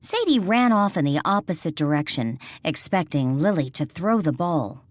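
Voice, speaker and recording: A woman narrating an audiobook with expressive storytelling. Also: low-pitched, normal speed, no echo, studio quality. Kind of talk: scripted narration.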